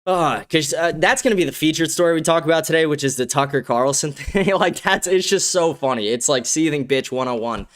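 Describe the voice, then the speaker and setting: A man's voice: on the high side, fairly quick, few pauses, fairly bright tone. A man hosting a casual livestream commentary show from a studio, crude and profane, laughing often. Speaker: host.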